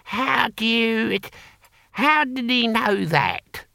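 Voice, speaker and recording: Man playing a squeaky puzzled old barbarian, slow, dry close sound. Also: lively intonation, vocal fry, sharp tone, no echo, exaggerated voice. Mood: bewildered. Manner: high, slow and bewildered. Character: indignant elderly male barbarian.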